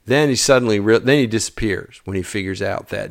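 This man's voice is on the low side and creaky, and he talks fairly quickly with few pauses. Casual and animated, he tells a personal story, acting out dialogue and sometimes dropping to a mutter. The studio sound is clean, with no room sound.

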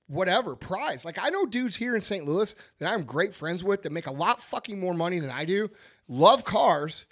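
Man, high-pitched, blunt, profane, emphatic podcast talk. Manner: blunt, swears a lot, emphatic. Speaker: podcast host, business owner. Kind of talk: casual podcast chat.

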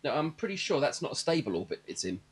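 A man's voice: a little high, very animated, fast, breathy edge. A man co-hosting a casual chat, wryly retelling a film's scenes in detail. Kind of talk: casual film recap chat.

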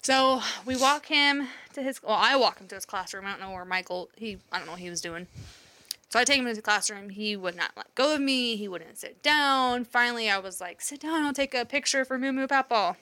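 A woman's voice: medium pitch, a little fast, pushed and bright. A woman in her thirties, a mother, candidly telling a story in casual chat, swearing now and then and laughing along the way.

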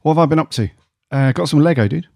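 Easygoing podcast co-host. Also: male voice, on the high side, fast talker, gravelly, a little mellow, no echo, studio quality. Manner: easygoing, laughing, swears casually. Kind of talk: casual podcast chat.

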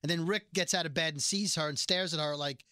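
A man with a bright, forceful voice hosts a casual podcast from a radio studio. He tells stories in a lively, chatty way, pitched slightly high for a man. The sound is close and dry. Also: quick pace, clear, resonant tone, no echo. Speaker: radio morning-show host, podcast host.

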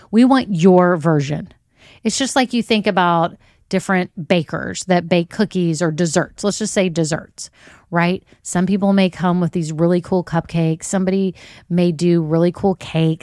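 A woman's voice: fairly low pitch, a little mellow, no room sound, studio quality. A woman hosting a podcast, giving upbeat motivational business advice straight to her listeners. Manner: upbeat, coaching, addresses listeners as y'all. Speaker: podcast host.

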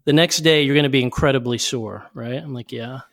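A man guesting on a podcast interview, talking quickly and reflectively through personal anecdotes. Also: medium pitch, gravelly, a bit bright. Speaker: podcast guest, youth speaker. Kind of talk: casual interview chat.

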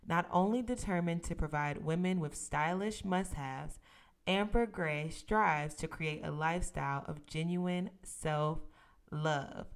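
A young woman hosting her own podcast in casual, expressive, sisterly talk. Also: low-pitched, slow, clear, resonant tone. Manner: expressive, playful, sisterly and emphatic. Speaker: podcast host.

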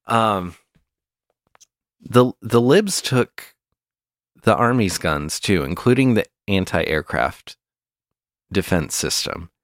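A man co-hosting a satirical comedy podcast, talking in a mock-serious, deadpan way and often breaking into laughs. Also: fairly low pitch, slow pace, pauses often. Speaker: podcast co-host.

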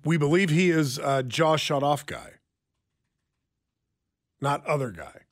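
A man's voice: fairly high pitch, slow, no echo, studio quality. A man hosting a talk radio show, wry, blunt and conversational as he gives the call-in number and takes callers. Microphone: studio microphone.

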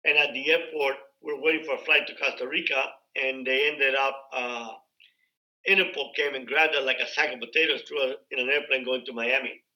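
A man recounts his own story in a loose, casual way. His voice is very bright and sits at an ordinary pitch. He acts out quoted dialogue between frequent fillers. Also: fairly even intonation, a little fast, poor audio. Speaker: guest telling his life story.

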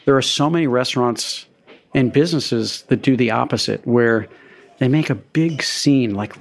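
A middle-aged man talks in an easy, anecdotal way, a restaurateur recalling his early days with a touch of self-deprecating humor. His pitch sits in an ordinary middle register, unhurried and conversational. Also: creaky. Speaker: restaurateur guest. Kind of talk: conversational storytelling interview.

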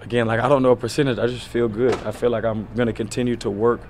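A man's voice: medium pitch, fast, slight background noise. Laid-back man fielding press questions. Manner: relaxed, loose, full of "you know" fillers. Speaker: pro football player at a press conference. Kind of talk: press conference answers. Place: press conference area.

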